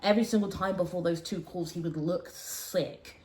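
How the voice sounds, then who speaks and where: Lowish-voiced woman telling a story. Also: moderate pace. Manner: frank, animated, laughs often. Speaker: podcast co-host. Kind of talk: casual storytelling chat.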